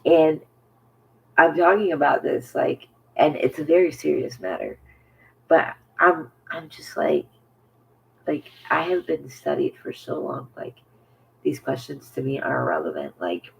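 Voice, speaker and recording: A man telling a personal story to camera in a halting, rambling way, full of fillers and restarts, often sinking to a near whisper. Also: fairly high pitch, very animated, vocal fry, a little hiss or hum, low-quality recording. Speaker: vlogger.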